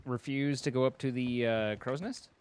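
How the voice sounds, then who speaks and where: A man's voice: medium pitch, fairly even intonation, moderate pace, a little mellow, smooth. Playful teasing man on a stream. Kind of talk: casual gaming banter.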